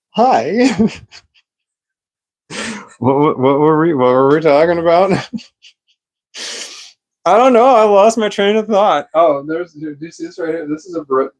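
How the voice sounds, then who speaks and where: A man's voice: a little high, lively intonation, slow pace, pauses often, rough recording. Rambling, swearing middle-aged man. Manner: rambling, profane, loses his train of thought. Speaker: vlogger. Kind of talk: rambling casual vlog. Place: at home. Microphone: phone camera with a small external microphone.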